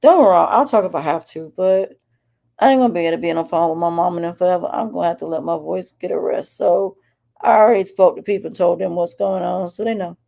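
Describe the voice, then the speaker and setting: Woman podcaster, sore throat, low warm voice, candid rambling delivery. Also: quick pace, gravelly. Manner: candid, rambling, with frequent restarts. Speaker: podcast host. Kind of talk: personal health update monologue.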